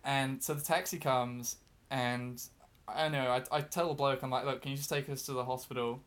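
A man's voice: medium pitch, flat delivery, moderate pace, fairly bright tone. A man chatting casually on a podcast, telling a long story with lots of fillers, restarts and self-deprecating asides. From outside Britain. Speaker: guest storyteller.

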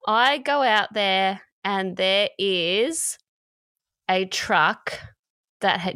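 A podcast co-host tells a personal story frankly and emotionally, swearing casually in candid chat. Her voice is on the low side, a bit bright and clean, in a dry recording with clean studio sound.

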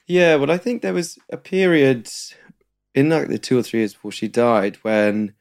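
A man's voice: mid-range voice, normal speed, a little mellow. A young man speaking as a podcast guest, chatty and self-deprecating, laughing lightly through sad personal stories. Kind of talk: candid personal conversation.

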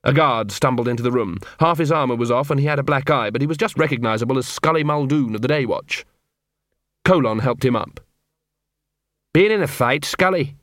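A man narrating an audiobook in an expressive, lively reading voice. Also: mid-range voice, quick pace, dry recording, clean studio sound. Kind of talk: scripted narration.

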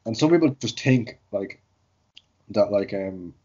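A man's voice: on the low side, lively intonation, a little slow, warm tone, breathy edge. An Irish man, a jiu-jitsu instructor, telling rambling, sweary stories in casual chat, with "like" in every sentence. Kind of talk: casual podcast storytelling. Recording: dull lo-fi audio.

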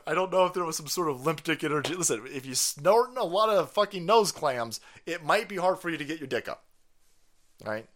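A high-pitched man rants on a live stream, his voice swooping up and down as he mocks and swears. He talks in a crude, scoffing way and keeps breaking into laughter. It sounds like a close home streaming mic. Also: expressive, moderate pace, fairly bright tone. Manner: crude, mocking, laughs often. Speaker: podcast host. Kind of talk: profane comedic political rant.

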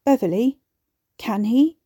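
A woman's voice: on the high side, takes it slowly, dark tone, husky, no echo. Woman doing a grieving young man, pleading, whispery, dry close sound.

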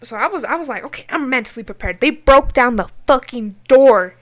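A young woman from New Mexico tells a personal story on a casual podcast, her voice sitting a bit high. She talks in an animated rush, full of filler words and cursing. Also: brisk. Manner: animated, swears often, many fillers. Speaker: podcast co-host.

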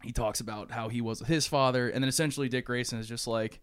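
Young male co-host, lively plot recap, clean dry voice, acts out every line. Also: medium pitch, fast talker, clean tone, no echo. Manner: animated storytelling, acting out characters' lines, frequent swearing and laughs. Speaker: podcast co-host. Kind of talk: casual chat retelling a movie plot.

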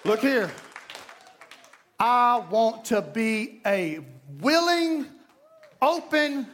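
A man preaching a fervent, folksy sermon in a church, breaking into shouts. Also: very high voice. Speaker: pastor. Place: church sanctuary. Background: music.

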